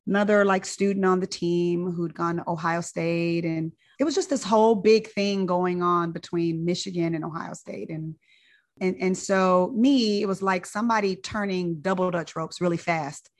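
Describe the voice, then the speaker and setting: Low-voiced woman telling a personal story. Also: steady tone, normal speed. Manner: conversational, repeats words, fillers.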